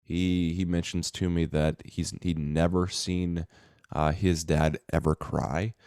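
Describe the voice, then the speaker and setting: A man with an extremely deep, dark, mellow voice talks loosely and thoughtfully to his viewers. He restarts his sentences and fills his pauses with ums. The sound is close and dry. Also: level tone, smooth, no echo. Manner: reflective, loose, many fillers and restarts. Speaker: self-help vlogger. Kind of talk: casual monologue to camera.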